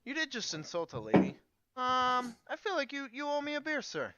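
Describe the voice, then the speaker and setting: Dude doing a sassy lady adventurer, high teasing voice, kinda muffled mic. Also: sing-song, moderate pace, heavy background noise. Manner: teasing, lilting, high put-on voice. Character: sassy bold woman adventurer. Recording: dull lo-fi mic.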